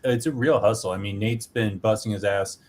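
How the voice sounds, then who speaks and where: A man's voice: on the low side, brisk, a little mellow. A man who is a guest and indie comic creator, talking earnestly in a casual podcast chat, rambling with many fillers.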